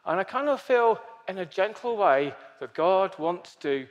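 Brief: male preacher, slightly high voice, playful and chatty with the congregation, long hall echo. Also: animated, unhurried, muffled recording. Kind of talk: sermon.

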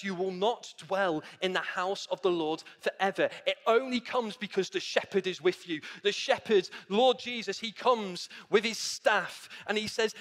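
A man's voice: high-pitched, big-room sound. A man preaching a sermon in a church, earnest and repetitive, calling his listeners friends and guys. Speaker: pastor.

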